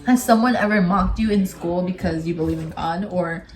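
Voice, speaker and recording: A young woman hosting a casual chat show, giggly and lively as she asks her guest questions. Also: on the low side, moderate pace. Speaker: channel host. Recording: echoey room, mic a bit far, faint hiss.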